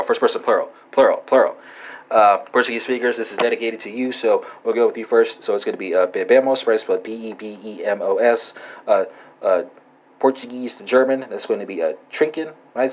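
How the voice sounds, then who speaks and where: A man giving a casual language lesson, talking haltingly with many "uh"s and "right?" tags. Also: fairly low pitch. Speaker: language teacher. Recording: dull lo-fi recording.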